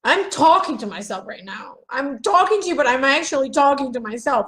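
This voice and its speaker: A woman's voice: high-pitched, animated, a little fast, a bit bright, poor audio. A woman giving a raw, profane self-help monologue on a live video, questioning herself aloud.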